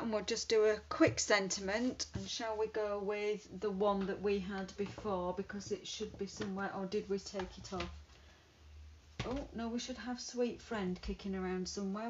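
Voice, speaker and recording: Chatty woman demonstrating crafts. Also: mid-range voice. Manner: chatty, thinking aloud while working. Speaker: card-making demonstrator. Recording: dull lo-fi sound with faint hiss.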